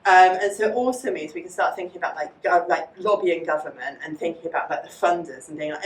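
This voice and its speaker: Deep-voiced woman lecturing in a hall. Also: slight background noise. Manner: fast, chatty, many fillers like "um" and "like". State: out of breath. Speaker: psychology lecturer. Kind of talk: academic public talk with audience Q&A. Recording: echoey room, distant mic.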